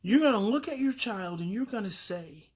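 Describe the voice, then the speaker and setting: A woman's voice: mid-range voice, lively intonation, moderate pace, a little mellow, husky. Woman, parenting advice host, earnest, emphatic, repeats key phrases.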